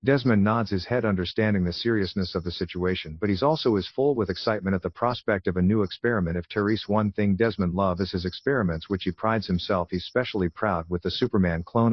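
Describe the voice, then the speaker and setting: A low-voiced man narrates a fan fiction story in a plain, amateur reading, often tripping and restarting. The recording is dull and lo-fi, dry and close, with no room sound. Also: fast talker, few pauses, no room sound.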